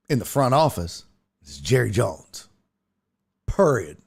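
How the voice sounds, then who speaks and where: A man's voice: medium pitch, very animated, slow pace, creaky, pauses often, slightly rough. A male sports talk host who rants bluntly and profanely about football. His voice swings widely up and down, and he takes his time, dragging his words out. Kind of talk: casual sports rant, live stream.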